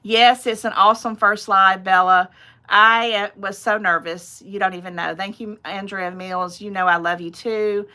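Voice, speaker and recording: A woman's voice: mid-range voice, steady tone, moderate pace, sharp tone, smooth. A middle-aged woman hosting her own channel's livestream, chatting casually and rambling off on tangents. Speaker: channel host.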